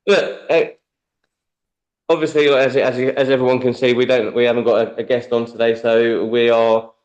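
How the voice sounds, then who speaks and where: A man's voice: mid-range voice, little pitch movement, moderate pace. A man hosting a casual football podcast, teasing his co-host and rambling with fillers and restarts. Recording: slightly dull lo-fi sound.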